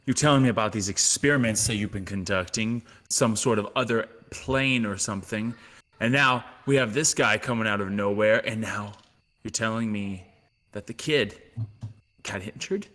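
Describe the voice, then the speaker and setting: A man voicing a frustrated, desperate man who shouts accusations, his voice raised well above normal. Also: on the low side, moderate pace, long reverb tail, lightly acted. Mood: accusing.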